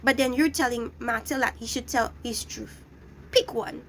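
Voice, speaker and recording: A young woman with a high voice and a gravelly edge, ranting through a reality show review. She scolds bluntly and talks straight at the people she criticizes. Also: fairly even intonation, moderate pace, fairly bright tone, a little hiss or hum. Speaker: reality TV recap vlogger.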